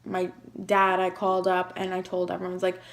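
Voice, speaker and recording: A woman's voice: lowish voice, completely flat delivery, fast talker. A young woman vlogger emotionally retelling a personal story in a chatty way, with lots of "like". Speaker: beauty vlogger.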